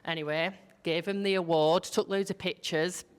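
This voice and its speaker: A woman from Yorkshire with a broad local accent and a fairly low voice tells a business story on a panel. She talks in a lively, unfiltered way, acting out what people said and swearing casually. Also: normal speed, clear, resonant tone. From Yorkshire, England. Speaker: panel guest, business founder.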